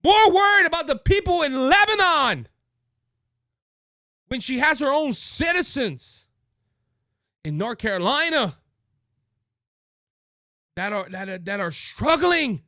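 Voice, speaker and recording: A man's voice: very high-pitched, big pitch swings, slow pace, long pauses, bright, forceful tone, dry recording, clean studio sound. A man with a Cajun accent hosting a political show, ranting passionately, raising his voice and repeating words as he restarts. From Louisiana. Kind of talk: political commentary rant. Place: studio with a monitor.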